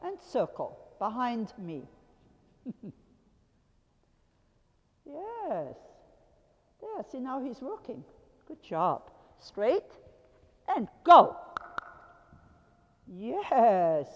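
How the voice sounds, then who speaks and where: With huge pitch swings in her fairly high voice, a woman riding instructor coaches a rider from the arena floor, speaking extremely slowly with long pauses. She repeats short, commanding calls, laughs occasionally, and is recorded with long hall reverb.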